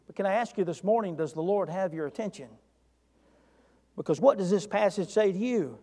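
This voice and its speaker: A man's voice: high-pitched, expressive, brisk, dark tone, in a large hall. A man preaching a sermon as pastor of a church, talking earnestly and putting direct questions to the congregation.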